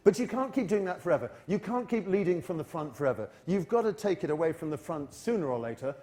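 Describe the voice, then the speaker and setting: High-voiced British man leading a workshop. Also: fast talker. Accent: British English. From United Kingdom. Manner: energetic, coaxes the audience into choral repetition. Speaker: English teaching expert giving a workshop. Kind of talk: live teacher-training talk with class demonstration. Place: university lecture hall before an audience.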